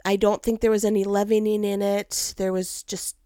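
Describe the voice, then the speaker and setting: Animated woman telling a story. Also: mid-range voice, moderate pace, hardly any pauses, no echo, studio quality. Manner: animated, laughs often, acts out quotes in varied voices. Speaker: mother telling a personal story. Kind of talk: casual storytelling with a life lesson.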